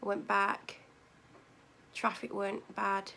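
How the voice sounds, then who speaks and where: Woman, vlogger, weary chatty ramble with a gravelly edge. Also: mid-range voice, completely flat delivery, slow, bright, forceful tone, slight background noise. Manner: meandering, self-correcting, drops to near-whispers at times. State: tired. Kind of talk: casual rambling vlog chat.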